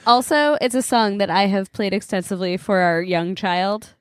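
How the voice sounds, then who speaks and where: A woman's voice: medium pitch, moderate pace, clear, resonant tone, no echo, studio quality. A young woman co-hosting a podcast, chatting casually with wry, understated quips. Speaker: podcast co-host. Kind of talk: casual chat.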